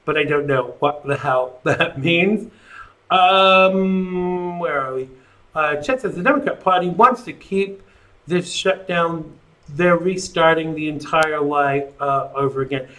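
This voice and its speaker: A man's voice: on the high side, slow pace, sharp tone. A man hosting a live call-in talk show, rambling casually and reading viewer comments aloud.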